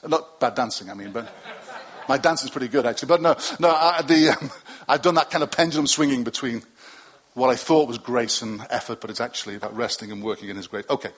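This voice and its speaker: A husky-voiced middle-aged pastor talks fast in a mid-range voice as he gives a sermon to his church hall congregation. His delivery is loose and chatty, with asides and jokes poking fun at himself.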